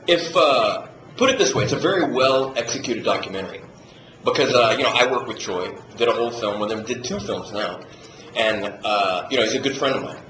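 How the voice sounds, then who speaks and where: A man's voice: medium pitch, brisk. A man telling stories at a fan Q&A, swearing freely and laughing as he imitates people. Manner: profane, animated, laughing through impressions. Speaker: actor answering audience questions. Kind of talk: casual convention Q&A storytelling. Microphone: handheld camcorder from the audience. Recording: echoey room on a camcorder, ambient noise.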